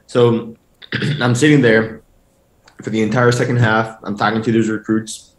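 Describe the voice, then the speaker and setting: A man's voice: lowish voice, little pitch movement, a little slow. A young man telling a story as a podcast guest in a casual, rambling way, full of "like" and restarts. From family from Mexico. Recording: echoey room.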